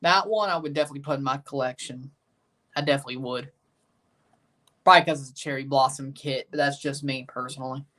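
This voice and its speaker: A man's voice: medium pitch, steady tone, fast talker, sharp tone. Man, mid-range voice, casual watchalong chat, sarcastic asides, reads chat aloud. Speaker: livestream host reacting to a soccer match. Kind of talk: casual live watchalong commentary.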